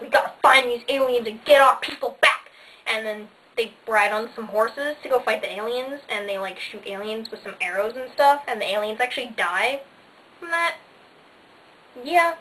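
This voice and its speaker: A woman's voice: fairly high pitch, normal speed, a bit bright. A teenage girl vlogging casually, bubbly and sarcastic, with lots of "like" fillers. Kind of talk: casual chatty vlog. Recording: faint hiss, slightly distant mic.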